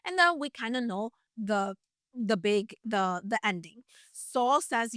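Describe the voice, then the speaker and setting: A woman's voice: a little high, animated, normal speed, pushed and bright, no echo, studio quality. A woman retelling a Bible story in a casual, chatty way, with playful asides and emphasis.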